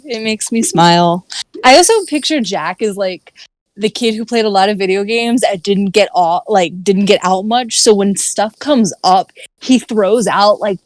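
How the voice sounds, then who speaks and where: A woman's voice: medium pitch, dry recording. A woman on a fan podcast panel, chatting enthusiastically and laughing often. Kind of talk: casual chat.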